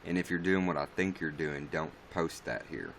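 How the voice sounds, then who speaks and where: A man with a deep, low-pitched voice chats on a casual livestream and answers viewer comments as they come in. He rambles bluntly and swears freely. A faint hum of noise sits behind him. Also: moderate pace, vocal fry.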